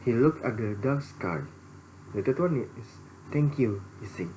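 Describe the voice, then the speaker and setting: A man's voice: medium pitch, animated, darkish tone, rough recording. A young man giving a student presentation, reading his notes with frequent fillers and false starts. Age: young adult. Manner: halting, many fillers and restarts. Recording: faint background noise.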